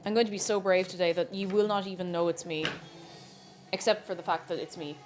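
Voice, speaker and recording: A woman's voice: fairly low pitch, fairly even intonation, brisk. A young woman chatting casually on a live cooking stream, playful and reading out chat while she cooks. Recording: faint music behind the voice. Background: faint music.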